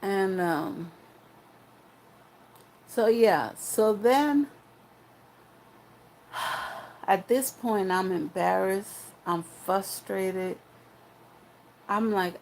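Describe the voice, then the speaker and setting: Slow, gravelly young woman telling a story. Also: on the low side, darkish tone, slight background noise, low-quality recording. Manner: rambling, frank and profane, with many restarts. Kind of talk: casual personal storytelling.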